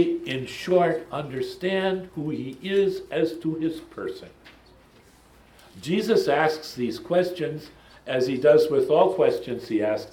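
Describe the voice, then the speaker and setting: A man's voice: medium pitch, darkish tone, roomy sound, rough recording. A man teaching a lecture-style Bible study. He talks in a thoughtful, digressive way, with frequent ums and side remarks.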